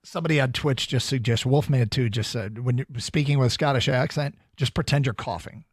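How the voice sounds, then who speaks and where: A man's voice: medium pitch, brisk, no room sound, studio quality. A man hosting a sports radio show, chatting casually and rattling off plugs with fillers. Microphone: studio microphone.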